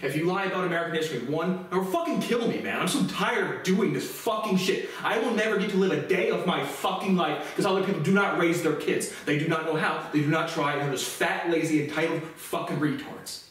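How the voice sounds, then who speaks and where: A man's voice: on the high side, a little fast, hardly any pauses, a bit bright, a little hiss or hum. A man giving a furious, profane, repetitive rant as the host of his own series. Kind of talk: angry ranting monologue. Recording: echoey room, distant mic.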